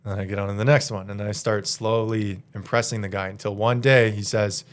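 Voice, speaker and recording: A young man in his twenties from Canada, a podcast guest telling a story in a casual, slangy, animated way and laughing as he goes. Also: fairly low pitch, brisk. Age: 20s.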